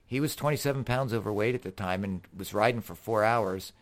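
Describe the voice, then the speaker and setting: A middle-aged man with a fairly low voice, a guest on a talk show telling stories about the athletes he trains. He is earnest and folksy, and his delivery gets animated as the stories build. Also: brisk. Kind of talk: casual storytelling.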